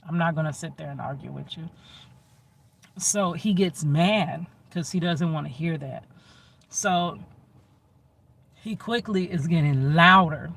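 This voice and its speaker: A man telling a personal story in an animated way, acting out both sides of arguments and repeating himself for emphasis. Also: high-pitched, gravelly. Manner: emphatic and repetitive. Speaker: storytelling vlogger. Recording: distant mic with faint background noise.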